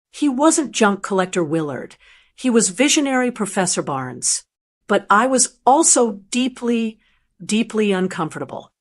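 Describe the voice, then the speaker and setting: A woman narrates a scripted first-person story in a gentle, earnest way. Her voice sits at a medium pitch.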